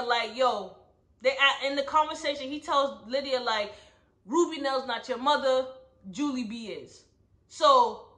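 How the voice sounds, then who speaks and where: A woman giving a casual, animated recap of a novel, often checking in with her listeners. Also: high voice. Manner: animated storyteller, asks "right?" often. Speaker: book club host. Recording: roomy echo.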